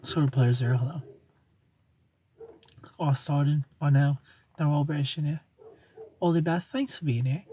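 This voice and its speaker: A man's voice: a little high, steady tone, unhurried, long pauses, mellow, slight background noise. A man hosting a casual live stream. He greets viewers by name and gives playful breakup advice. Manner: chatty, greets viewers and reads their comments aloud.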